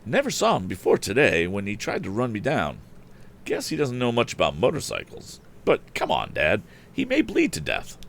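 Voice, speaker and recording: A man voicing an excited teenage boy inventor, talking in quick, breathless bursts. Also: lowish voice, creaky, slight background noise, voice pushed up, heavily acted. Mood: pleading. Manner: breathless, hurried.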